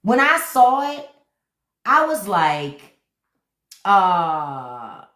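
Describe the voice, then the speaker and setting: Woman host, unfiltered livestream rant, animated pitch, swears freely, echoey room sound. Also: unhurried. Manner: blunt, profane, talks straight to viewers; repeats key words for emphasis.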